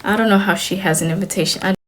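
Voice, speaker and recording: A woman's voice: medium pitch, steady tone, rapid-fire, a little hiss or hum. A woman in her twenties chatting casually on a stream. She rambles, fills her talk with "like", and breaks into nervous laughs.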